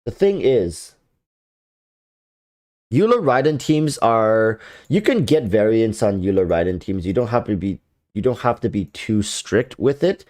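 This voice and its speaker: A man's voice: lowish voice, lively intonation, measured pace, darkish tone. A man with a nasal, congested voice, chatting casually on a game livestream and often restarting his sentences. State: congested sinuses. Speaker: game streamer.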